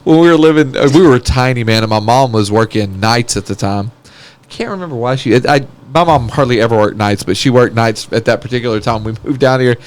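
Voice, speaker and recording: Guy in his thirties, relaxed, chuckling storyteller, mid-pitched voice. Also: brisk. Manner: laid-back, laughing storyteller. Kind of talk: casual chat.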